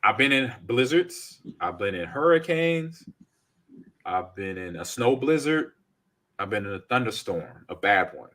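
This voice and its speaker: A man hosting a casual gaming podcast, reading out chat comments and telling lively stories. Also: on the low side, measured pace. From United States. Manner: animated storyteller, reads chat comments aloud. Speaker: podcast host.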